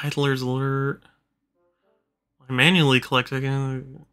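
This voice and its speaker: A man chats loosely over a game stream, tired and yawning, his words full of fillers and restarts. His voice is very bright and sharp-edged. Faint game music plays behind him. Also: mid-range voice, unhurried, long pauses. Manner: rambling, many fillers and restarts. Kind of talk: casual live-stream commentary.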